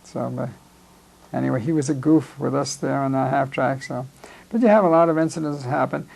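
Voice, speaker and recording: A man's voice: mid-range voice, fairly quick, gravelly, a little mellow, poor audio. A man in his nineties, a war veteran, telling a rambling oral history and acting out the dialogue he remembers. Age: 90s. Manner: rambling, acts out quoted dialogue.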